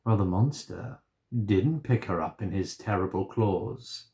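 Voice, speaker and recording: A man reading a children's story aloud in a gentle, expressive way. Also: deep voice, a little slow, gravelly.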